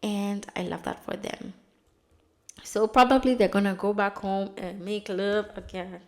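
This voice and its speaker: A woman's voice: medium pitch, steady tone. Woman host, casual recap commentary, chatty storytelling delivery. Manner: chatty, retells scenes with quick dramatized asides. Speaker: TV recap vlogger.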